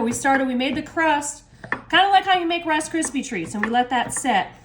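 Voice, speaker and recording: Woman, high voice, excitable, casual cooking demo, faint clinking dishes. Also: background noise. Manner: excitable, talks to viewers as "y'all". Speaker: home cooking vlogger.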